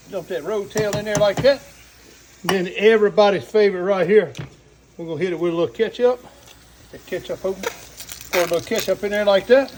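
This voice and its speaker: A man's voice: sits high, slight background noise. A man with a Southern US accent hosting a casual cooking vlog, folksy and drawling, with frequent exclamations. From Louisiana. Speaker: cooking channel host.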